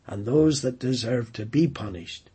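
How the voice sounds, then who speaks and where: Male preacher, unhurried and emphatic, very husky dark voice, repeats lines for weight. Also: mid-range voice. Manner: emphatic, repeats and stresses key phrases. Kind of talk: sermon.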